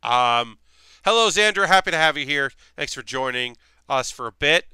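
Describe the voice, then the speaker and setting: A man's voice: a little high, animated, moderate pace, pushed and bright, clean tone, no echo, clean studio sound. A man chatting casually with his live chat while building costume armor in his workshop, rambling with lots of fillers. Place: home workshop.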